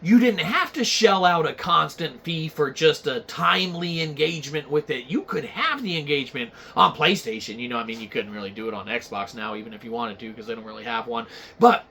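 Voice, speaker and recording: A man's voice: a little high, lively intonation, fairly quick, bright, forceful tone, a little hiss or hum. A man hosting a comedy show, ranting crudely and rambling with lots of swearing. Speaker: show host. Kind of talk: profane comedic rant.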